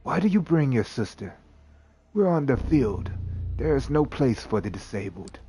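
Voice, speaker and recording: A man's voice: mid-range voice, very animated, moderate pace, dark tone, soft background music, pitched above the performer's own voice. A man voicing an exasperated older man who gripes about an old argument. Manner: exasperated, complaining.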